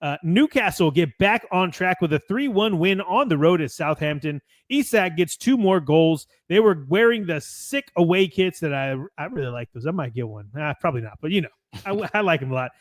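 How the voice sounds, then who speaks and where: A laid-back American man talks through the weekend's matches, rambling a little and swearing now and then. His voice sits a touch high for a man. The sound is dry and close, with no room echo. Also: normal speed. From United States. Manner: rambling, relaxed, swears casually, reads match notes. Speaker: podcast co-host. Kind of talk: casual sports chat.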